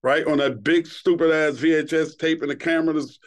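Animated, profane male storyteller from Queens. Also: on the high side, fairly quick. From Queens, New York. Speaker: guest, radio DJ. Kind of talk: casual podcast storytelling.

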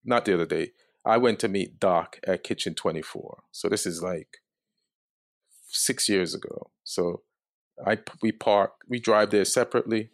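A man with a low voice tells a story casually. His delivery is calm and mostly monotone, and the sound is dry and close. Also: normal speed, no room sound. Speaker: comedian guest.

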